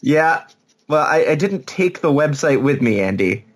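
A man's voice: on the high side, measured pace. A jet-lagged man co-hosting a podcast, telling rambling stories in casual chat. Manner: animated, rambling storytelling with laughs. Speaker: podcast co-host.

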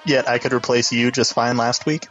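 A man co-hosting a podcast in casual chat, deadpan and tired-sounding. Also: mid-range voice, normal speed, lo-fi sound, soft background music. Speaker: podcast co-host.

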